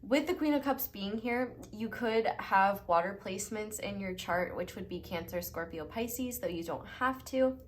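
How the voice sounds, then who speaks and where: A young woman giving an unscripted tarot reading, talking in a gentle, reflective and reassuring way. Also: mid-range voice, normal speed, few pauses, slight background noise. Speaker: tarot reader.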